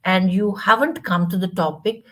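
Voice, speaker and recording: A woman with an Indian English accent, coaching a student in spoken English in a measured, instructive way with quiet asides. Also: mid-range voice. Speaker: English teacher.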